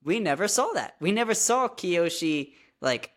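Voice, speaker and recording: A podcast co-host in casual chat, talking in an animated way with plenty of "like". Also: mid-range voice, measured pace. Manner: chatty and animated, many fillers of "like".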